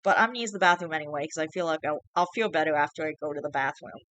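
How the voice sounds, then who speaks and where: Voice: medium pitch, very fast, fairly bright tone, dry recording, lo-fi sound. A person reading fan fiction aloud to viewers, chatty and apologetic between chapters while feeling unwell. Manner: chatty, apologetic, candid asides.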